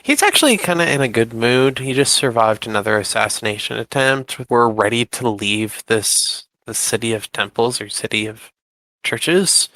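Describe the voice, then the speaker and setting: Earnest, polite man playing a tabletop game; bright, gravelly tone, dry sound. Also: mid-range voice, animated, no echo, low-quality recording. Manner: earnest, halting, polite, many restarts. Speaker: player character voice. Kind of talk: tabletop role-play.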